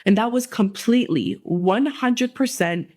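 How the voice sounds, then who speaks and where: Measured true crime narrator, mid-pitched voice. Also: darkish tone. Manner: measured, emphatic storytelling. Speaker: video host.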